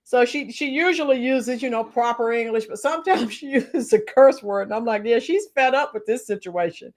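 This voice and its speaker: High-voiced chatty woman streamer. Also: normal speed. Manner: chatty, greets chat viewers by name. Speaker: livestream host. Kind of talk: casual reaction livestream.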